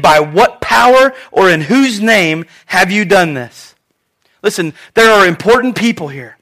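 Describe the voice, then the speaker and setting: Bright, high-pitched man preaching. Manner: animated storytelling with playful voices for the figures; jokey and lively, laughs often. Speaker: pastor. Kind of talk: sermon.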